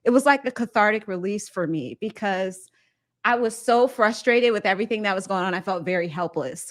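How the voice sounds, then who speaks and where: A woman's voice: mid-range voice, brisk. A woman from Ohio hosting an interview, talking earnestly and with feeling, trying not to cry. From Ohio, USA. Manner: earnest and heartfelt, holding back tears. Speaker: host. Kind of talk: emotional interview chat.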